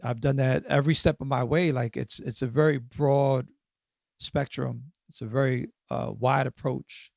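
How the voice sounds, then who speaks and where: A man's voice: medium pitch, fairly even intonation, normal speed, gravelly, darkish tone, no room sound, studio quality. A man in his fifties, a podcast guest and author, talking through his experiences in a reflective way, often checking in with "right?" and "you know". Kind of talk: casual interview conversation.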